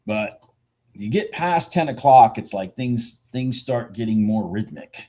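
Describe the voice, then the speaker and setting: A man giving casual live commentary on his futures trades, excitable and swearing freely as he talks to himself and his viewers. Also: mid-range voice, unhurried.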